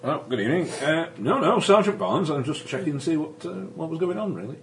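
A man's voice: fairly high pitch, sing-song, a little fast, voice pushed up. A man voicing a brusque, nosy middle-aged country police sergeant with a Yorkshire accent. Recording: noisy recording.

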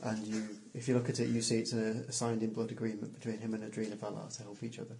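Man, game master, gravelly fry, hesitant, narrating a tabletop game. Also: fairly low pitch, completely flat delivery, quick pace, darkish tone, slight background noise. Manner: hesitant, explains rules with many fillers.

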